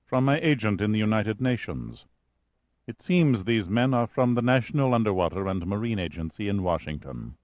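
A man voicing a suave, calculating male schemer who speaks in a smooth, purring way. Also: on the low side, dry recording, highs cut off, close to an everyday voice.

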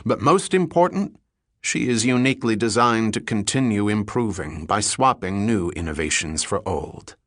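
A man's voice: lowish voice, lively intonation, normal speed, no room sound, clean studio sound. A man voicing a grandiose, intense male naval captain, speaking with emphatic, building declamation in an audiobook reading. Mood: fervent.

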